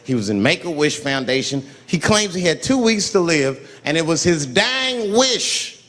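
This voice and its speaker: A man doing profane, animated stand-up, slipping into voices for his stories, on stage before a live audience. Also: on the high side, a little slow. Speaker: comedian. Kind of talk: stand-up comedy. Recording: live hall with loud laughing crowd.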